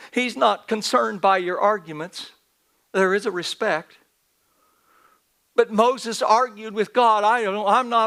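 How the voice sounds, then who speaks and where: High-voiced man preaching a sermon. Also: gravelly, fairly bright tone. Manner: earnest preaching with repetitions and restarts. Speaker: pastor. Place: church sanctuary.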